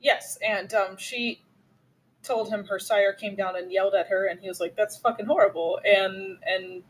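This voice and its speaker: A woman's voice: medium pitch, lively intonation, unhurried, soft background music, rough recording. A woman playing a tabletop role-playing game, retelling what her character did in a hesitant, filler-heavy way. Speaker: player. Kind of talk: tabletop role-play, mixing narration and in-character lines.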